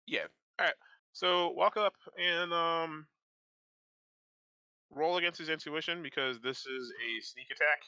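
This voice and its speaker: Animated game master guy, bright voice, dry close mic. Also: on the high side, measured pace, long pauses, smooth, no echo, lo-fi sound. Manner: animated, loose and laughing. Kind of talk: narrating a tabletop game.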